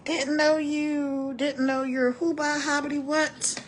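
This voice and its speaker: A woman's voice: high-pitched, takes it slowly, hardly any pauses, noisy background. A middle-aged woman hosting a casual motivational live stream, rambling and repeating words as she reads comments aloud. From born in New York, raised in Texas.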